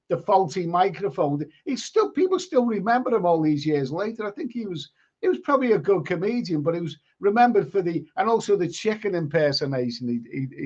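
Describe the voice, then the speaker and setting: A high-pitched, slightly mellow male voice comes through lo-fi stream audio. He's a live stream host chatting casually, reading out comments from viewers and frequently tripping over and repeating his words.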